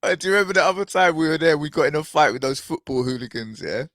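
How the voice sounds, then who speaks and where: A man's voice: on the high side, lively intonation, fast, a bit bright, no room sound, clean studio sound. A man with a London accent, co-hosting a podcast and telling rambling anecdotes full of "innit" and laughter. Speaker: podcast co-host. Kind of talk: casual storytelling chat.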